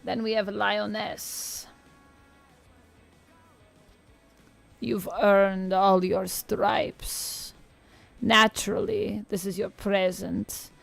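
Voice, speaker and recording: A woman voicing a crackly old Eastern European witch, reading tarot slowly and solemnly. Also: mid-range voice, little pitch movement, fairly bright tone, heavily acted. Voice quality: crackly, gravelly. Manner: slow, solemn fortune-telling.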